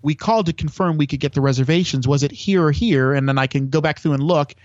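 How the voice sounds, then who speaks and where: A man's voice: fairly high pitch, quick pace, darkish tone, dry recording, muffled recording. A man chatting as a podcast guest, telling long stories with lots of restarts. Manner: rambling storyteller with many restarts. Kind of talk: casual chat.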